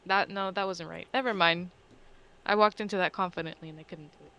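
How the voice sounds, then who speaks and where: A woman co-hosting a film podcast, animated and joking in casual chat. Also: on the low side, brisk. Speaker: podcast co-host.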